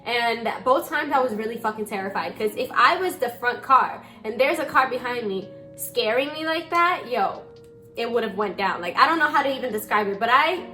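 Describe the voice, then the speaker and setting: A woman in her twenties telling a story in casual chat, animated and rambling, with a lot of swearing. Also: fairly high pitch, normal speed, faint music behind. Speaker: vlogger.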